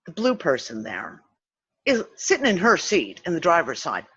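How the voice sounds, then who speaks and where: Profane, animated woman telling a story. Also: lowish voice, normal speed, slightly rough. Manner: animated, profane, acts out quotes. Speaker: host of a spiritual discussion show. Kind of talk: casual storytelling chat. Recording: slightly dull lo-fi sound.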